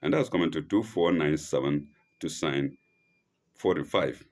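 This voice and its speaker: A man reading and explaining scripture slowly, often repeating words and correcting himself as he reads. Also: rumbling low, a little mellow. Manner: reads Arabic phrases aloud slowly. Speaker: religious teacher. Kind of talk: slow scripture study commentary.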